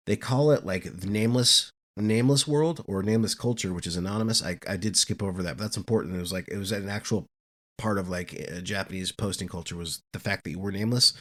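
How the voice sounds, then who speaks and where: A man's voice: low voice, fairly bright tone. A man hosting a podcast, walking through history and hedging with "I guess" and "um". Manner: explanatory, hedges with "I guess" and "um".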